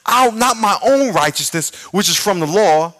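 A middle-aged man preaching a sermon as pastor, telling a story with shouted sound effects and playful, self-mocking humor. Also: high voice, animated, moderate pace. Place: large church.

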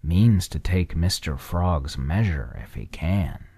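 A man voicing a small, cautious young meadow mouse in a soft whispered role-play, polite but firm. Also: low voice, animated, takes it slowly, husky, no room sound, studio quality, exaggerated voice. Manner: wary, polite, then firm.

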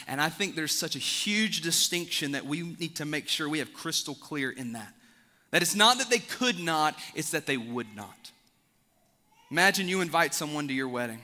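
A man preaching a sermon as pastor, swinging from loud emphatic highs to quiet low drops. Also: lively intonation, moderate pace, big-room sound. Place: large church sanctuary.

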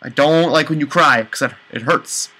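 A man commentating a let's play, exasperated, with high panicked outbursts and swearing. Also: normal speed, pushed and bright, husky, low-quality recording. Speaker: gaming channel host.

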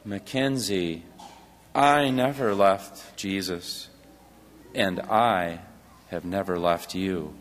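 A man reading the lines of a tender, motherly female God figure softly and gently. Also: on the high side, slow, long reverb tail.

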